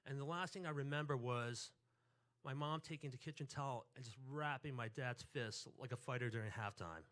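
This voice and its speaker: A New Yorker with a medium-pitched voice tells a personal story on stage at a moderate pace. He's animated, acting out quotes and the voices of his family members.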